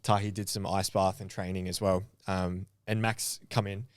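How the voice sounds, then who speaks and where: Male podcast host; animated, salty storyteller, low-pitched, dry close mic. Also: normal speed, clean tone, no echo. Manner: animated storyteller, swearing and laughing, acting out quotes. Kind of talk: casual chat.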